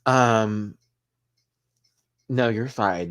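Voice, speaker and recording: A man hosts a casual live chat, choked up and emotional. His voice sits a little low, and he talks in an open, heartfelt way, swearing freely as he reads comments. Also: normal speed. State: tearful, emotional. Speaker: livestream host.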